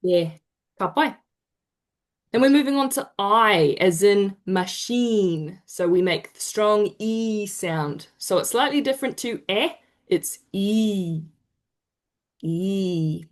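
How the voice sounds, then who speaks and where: New woman, online workshop presenter, warm praise, slow drawn-out demo sounds, video-call audio. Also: mid-range voice, lively intonation. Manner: encouraging, drawn-out demonstration sounds. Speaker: te reo Māori workshop presenter. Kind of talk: online teaching session.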